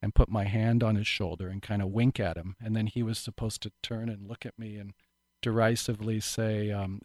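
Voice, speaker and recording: A man's voice: fairly low pitch, steady tone, a little fast, a little mellow, dry recording. A middle-aged man who is an actor, telling his life story candidly in an interview, reflective and earnest with frequent restarts.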